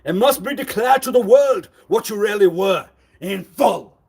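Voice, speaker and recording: A man talks on a live stream in a high, husky voice that swings widely in pitch. He keeps repeating himself and fires one accusing question after another. His delivery is slow and demanding. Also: lively intonation. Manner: repetitive, insistent. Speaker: livestreamer.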